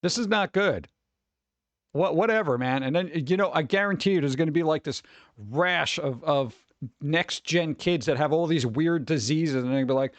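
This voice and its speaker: Talking at a normal speed, this man reacts to food videos on a live stream, his slightly high voice rambling and tripping over words. He sounds sarcastic and fed up, and the close, dry recording has no room sound.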